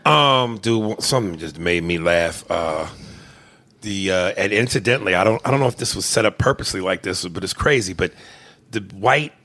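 A man chatting casually about a movie, animated, with exclamations and big jumps in pitch. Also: moderate pace.

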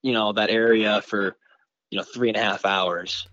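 A man from Michigan, a bowhunter guest on a podcast, tells a story in an excited, rambling way and packs his talk with "like" and "you know". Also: fairly low pitch, normal speed, highs cut off. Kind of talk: casual storytelling in a podcast interview.

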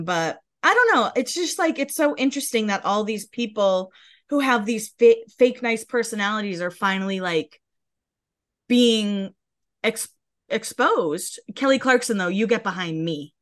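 A woman's voice: mid-range voice, lively intonation, moderate pace, fairly bright tone. A woman co-hosting a pop-culture podcast, chatting in a gossipy way with many fillers. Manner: chatty, gossipy, says "like" a lot. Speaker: podcast co-host. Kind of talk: casual pop-culture chat.

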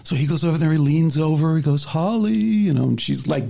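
A man's voice: on the high side, lively intonation, fast, creaky, warm tone. A man hosting a casual talk show, animatedly retelling a story and acting out the voices in it. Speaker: podcast host.

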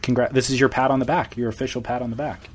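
A man's voice: medium pitch, little pitch movement, fast talker, slightly rough. A man co-hosting a casual podcast chat, answering in a dry, matter-of-fact way. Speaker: podcast co-host.

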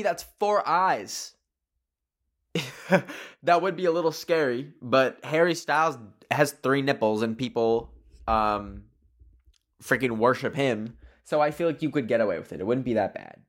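A man's voice: on the high side, fairly bright tone. Rambling, playful young man. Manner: rambling and playful, heavy filler use. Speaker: solo video creator. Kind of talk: casual chat answering would-you-rather questions.

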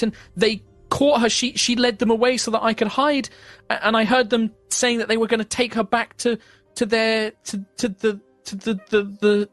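A man's voice: extremely high pitch, fairly bright tone, no room sound, pitched above the performer's own voice. A man voicing a terrified young half-elf nun woman who stammers and repeats herself in panic. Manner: frantic, stammering, repeating words.

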